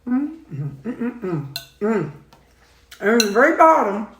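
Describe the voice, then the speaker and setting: A woman's voice: on the high side, sing-song, unhurried, fairly bright tone, slight background noise. A woman, chatting casually as a food vlogger while she eats, in a folksy, rambling way with frequent chuckles. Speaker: food and weight-loss vlogger. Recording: echoey room.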